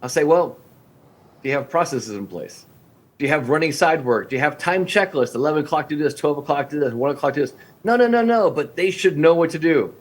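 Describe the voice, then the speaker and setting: Man, 50s, podcast guest coaching restaurant owners; lively talker who acts out client calls, voice sits a bit high. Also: a little fast, husky. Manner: energetic, acts out phone-call dialogues with clients.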